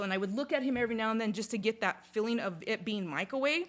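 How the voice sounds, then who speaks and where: A woman's voice: a little high, fast. Chatty woman telling a wild story. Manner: chatty, full of "like", swears freely; lively retelling, acts out sounds and inner voices. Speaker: podcast guest. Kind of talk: casual chat, personal storytelling.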